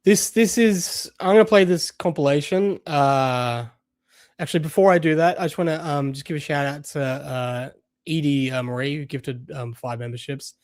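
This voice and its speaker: A man's voice: fairly high pitch, normal speed, a little mellow, no room sound. A man hosting a livestream, talking casually with many fillers and restarts. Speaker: host.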